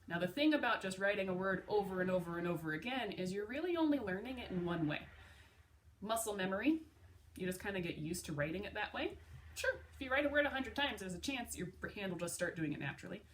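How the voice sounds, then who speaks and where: A woman teaching a phonics lesson to young children, patient and clear, spelling words out letter by letter. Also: medium pitch, expressive, quick pace, distant mic, slight background noise.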